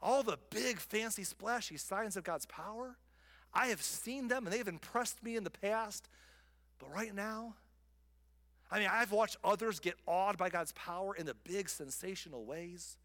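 A male pastor preaching a sermon, swinging from loud emphatic lines down to soft whispers. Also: high voice, measured pace. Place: church sanctuary.

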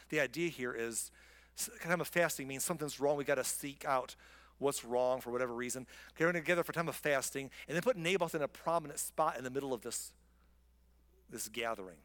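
A man teaching from the Bible in a chatty, animated way, now and then mocking the people in the story. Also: mid-range voice, fast, in a large hall. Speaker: preacher.

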